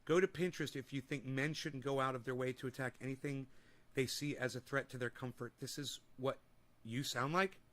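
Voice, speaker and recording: A man's voice: medium pitch, fairly even intonation, brisk, fairly bright tone, slight background noise. A young man hosting a livestream, reading and answering comments in a profane, combative, sarcastic rant. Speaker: livestream host. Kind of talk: ranting livestream chat.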